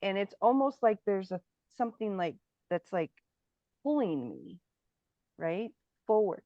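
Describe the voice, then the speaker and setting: A woman co-hosting a live spiritual Q&A, talking reflectively and pausing to search for words. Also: medium pitch, very animated, mellow, dry recording. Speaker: spiritual workshop co-host. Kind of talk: live Q&A discussion. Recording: dull lo-fi sound.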